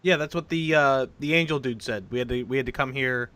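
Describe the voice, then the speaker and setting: A man's voice: mid-range voice, brisk, fairly bright tone, a little hiss or hum. A man taking part as a player in a tabletop game, talking casually and joking around. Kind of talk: casual chat.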